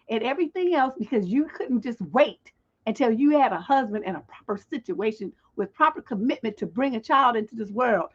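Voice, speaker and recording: A woman's voice: fairly high pitch, expressive, fairly quick, breathy edge, dull audio. A woman relationship coach hosting a livestream advice show, blunt, profane and scolding as she answers a viewer's letter.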